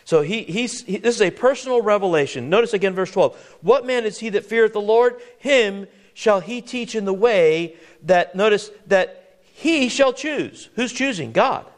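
An earnest male preacher with a slightly higher voice than most men. He often stumbles over and repeats words, and he keeps putting questions to his listeners as he works through scripture. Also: moderate pace, hardly any pauses. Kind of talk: sermon.

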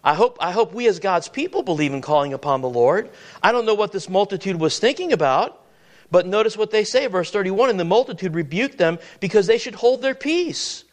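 A man's voice: sits high, expressive, fairly quick. A man preaching a sermon as pastor, asking the congregation questions and often repeating words as he goes.

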